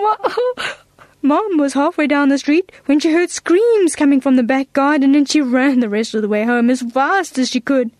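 A woman reading a children's story aloud in a gentle, expressive way. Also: high voice, no echo.

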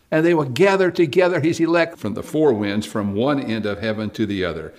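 A man preaching a sermon, reading Bible verses with excitement and dropping to hushed asides between passages. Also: mid-range voice, normal speed.

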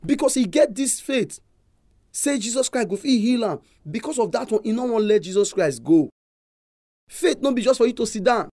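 A man's voice: extremely high pitch, lively intonation, moderate pace, darkish tone, no echo, clean studio sound. A man with a Nigerian accent, preaching an emphatic, repetitive sermon as a pastor.

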